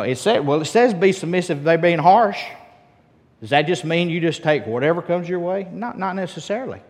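A male preacher with a fairly high voice tells a story from the pulpit in a folksy, conversational way. He throws questions out to the congregation and often trips over and restarts his sentences. His voice carries with a long reverb, as in a large hall. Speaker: pastor.

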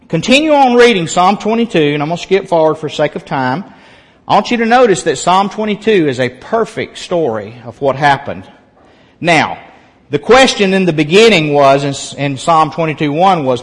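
A man's voice: on the high side, animated, normal speed, big-room sound. A man preaching a sermon as pastor, earnest and emphatic, repeating phrases to drive his point home.

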